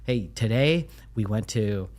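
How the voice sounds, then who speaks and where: A man's voice: on the low side, animated, measured pace, a little mellow. A man hosting a podcast, talking in a friendly, reflective, conversational way. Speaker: podcast host. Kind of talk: casual interview conversation.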